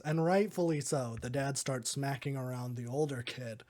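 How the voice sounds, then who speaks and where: A man's voice: mid-range voice, steady tone, normal speed, a little mellow. A man hosting a podcast, casually recapping a movie in a rambling way, chuckling often and filling his talk with "like". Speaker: podcast host.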